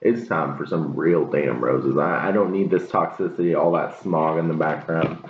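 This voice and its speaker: Low, slow man reading tarot, phone-like sound. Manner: laughing, cussing, chatty and animated. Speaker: tarot reader. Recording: lo-fi, phone-like, echoey, faint hiss.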